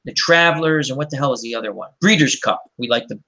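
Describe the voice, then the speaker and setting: A man's voice: mid-range voice, fast, sharp tone. A man hosting a casual chat and telling rambling, anecdotal stories. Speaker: host.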